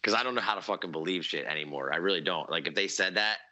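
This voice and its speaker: Low bright-voiced man in profane banter. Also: fast talker, highs cut off. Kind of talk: casual chat.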